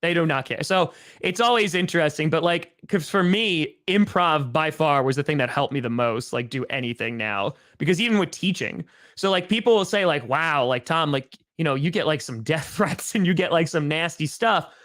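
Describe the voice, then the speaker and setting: A man's voice: on the high side, lively intonation, normal speed, few pauses, a bit bright. A man hosting a livestream, easygoing and agreeable, laughing along with his guest. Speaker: host. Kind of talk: casual chat on a livestream.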